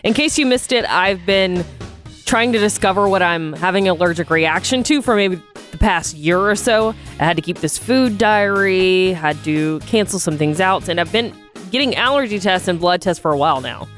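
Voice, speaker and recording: A woman's voice: on the low side, animated, moderate pace, fairly bright tone, faint music behind. A woman co-hosting a morning radio show, chatting casually and often laughing.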